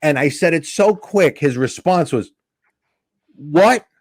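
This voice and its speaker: A comedian, telling a long anecdote in a podcast chat and acting out the people in it. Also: male voice, on the high side, moderate pace, dry recording, studio quality. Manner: animated anecdote teller, acts out quotes. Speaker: comedian guest. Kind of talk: podcast storytelling.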